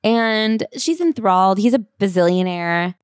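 A woman's voice: mid-range voice, lively intonation, a little slow, clear, resonant tone, dry recording, clean studio sound. A woman co-hosting a podcast, casually retelling a memoir with wry amusement. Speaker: podcast co-host.

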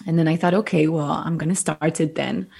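Low-pitched female guest with a French accent; lively anecdotes, calm reflective advice. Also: brisk, vocal fry, husky. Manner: animated storyteller, gentle and reflective when advising. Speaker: podcast guest. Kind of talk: casual interview chat.

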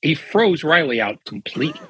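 A man's voice: fairly high pitch, big pitch swings, moderate pace, fairly bright tone. An older man, a veteran sportswriter, telling dry, wry anecdotes as a guest on a casual podcast. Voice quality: raspy.

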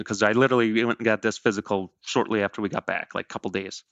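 A low-voiced man around fifty talks through his story in a casual interview, earnest and rambling, stopping to correct himself. His tone is bright and forceful but smooth, and the recording is dry and close. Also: steady tone, quick pace, hardly any pauses, dry recording, highs cut off. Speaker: program member.

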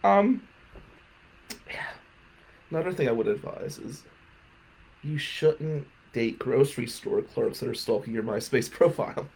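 Husky man hosting a talk show. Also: medium pitch, lively intonation, measured pace, long pauses, darkish tone. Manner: self-mocking storytelling, laughing at his own jokes. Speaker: radio show host. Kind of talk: comedic talk-show monologue. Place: radio studio.

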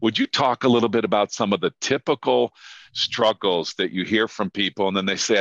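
A man's voice: fairly low pitch, normal speed, fairly bright tone, no echo, highs cut off. A man hosting a podcast, chatting casually and rambling as he asks a question. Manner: rambling, with frequent fillers and restarts. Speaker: podcast host. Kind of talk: casual interview chat.

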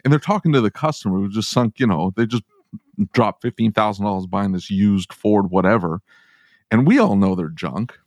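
A man's voice: lowish voice, darkish tone, no echo. A man hosting a podcast, chatting casually and laughing often. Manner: chatty, laughs often, does quick voices. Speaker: podcast host.

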